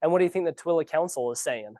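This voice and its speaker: Give me an animated, sarcastic man coaching new agents in a dry room. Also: fairly high pitch, fast talker, no room sound. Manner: animated, ranting, sarcastic asides. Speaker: real estate trainer. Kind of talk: casual training talk. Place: office training room.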